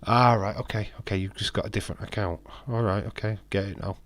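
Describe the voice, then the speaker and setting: A man's voice: on the low side, steady tone, quick pace, fairly bright tone, dry recording. A man hosts a live watch-along stream, commenting casually and bantering with viewers as he reads the chat aloud. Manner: bantering and teasing with viewers, frequent restarts.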